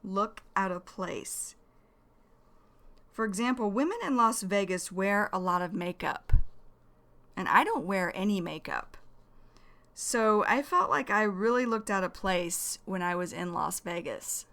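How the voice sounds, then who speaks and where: Slow, bright-voiced woman teaching vocabulary. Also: medium pitch, animated. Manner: repeats each phrase slowly and defines it plainly. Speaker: English teacher.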